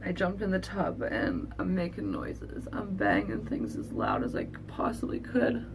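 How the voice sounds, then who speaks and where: A woman with a slightly low voice tells a painful story from her own life, earnest and halting, pausing to find her words. She speaks as a vlogger talking straight to her viewers. A faint hum of room noise sits behind her. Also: very animated, gravelly. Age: adult. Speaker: beauty vlogger. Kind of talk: emotional personal storytelling.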